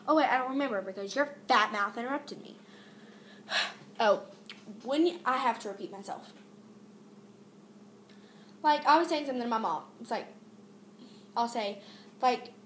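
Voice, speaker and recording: A woman's voice: a little high, fairly bright tone, roomy sound, a little hiss or hum. A teenage girl vlogging a casual rant about pet peeves, exasperated and rambling with many fillers and restarts.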